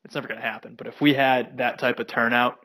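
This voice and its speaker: A man's voice: mid-range voice, level tone, quick pace, pushed and bright, no room sound. Chatty man telling rambling stories. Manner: rambling, filler-heavy anecdotes. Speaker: podcast co-host. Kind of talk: casual storytelling chat.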